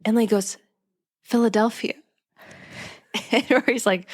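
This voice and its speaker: A woman's voice: on the high side, sing-song, moderate pace, long pauses. A young woman co-hosting a casual podcast, animatedly retelling a TV episode, dropping her voice to quote characters and laughing often. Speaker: podcast co-host. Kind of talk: casual chat recapping a TV episode.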